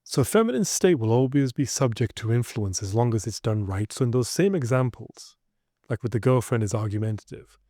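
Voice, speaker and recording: A man's voice: medium pitch, lively intonation, fairly quick, mellow, no echo, studio quality. A man giving direct, emphatic relationship advice in an instructional monologue, acting out small example scenes. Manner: direct, emphatic, lecturing listeners with acted examples. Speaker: relationship coach.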